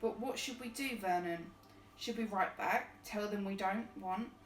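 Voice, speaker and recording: A woman's voice: mid-range voice, measured pace, a little hiss or hum, close to an everyday voice. A woman doing a quavering, anxious aunt. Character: nervous fussy middle-aged aunt. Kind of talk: storybook read-aloud. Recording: roomy distant mic with faint music.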